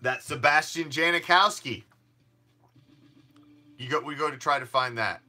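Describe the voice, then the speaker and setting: A man's voice: mid-range voice, unhurried, sharp tone. A man hosting a fan sports show, talking casually in a rambling, emphatic way with frequent restarts and some swearing. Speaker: fan podcast host.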